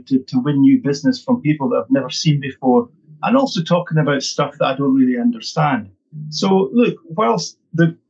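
A man's voice: on the high side, darkish tone, husky. A middle-aged man, a training consultant, answering interview questions in an upbeat, emphatic way, often repeating words. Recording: dull lo-fi sound.

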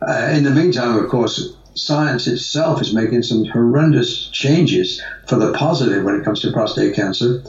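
A man's voice: medium pitch, moderate pace, far from the mic. A man, a guest, giving long conversational answers in a rambling way, with restarts and fillers, in a roomy, dull-sounding recording made away from the mic. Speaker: guest, natural health advocate.

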